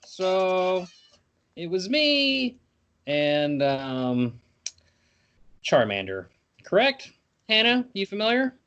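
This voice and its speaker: A man's voice: sits high, big pitch swings, extremely slow, long pauses, a bit bright, muffled recording, soft background music. A man hosting a podcast in casual comedic chat, telling silly jokey stories. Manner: goofy, jokey storytelling. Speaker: podcast host.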